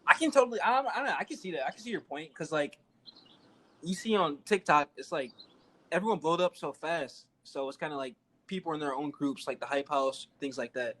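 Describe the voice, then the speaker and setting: A man's voice: fairly high pitch, lively intonation, fairly quick, bright, forceful tone. A teenage boy with a slightly raised voice hosts a casual podcast interview. He asks his questions loosely and restarts phrases now and then as he goes. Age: teens. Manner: easygoing questions with small restarts. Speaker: podcast host.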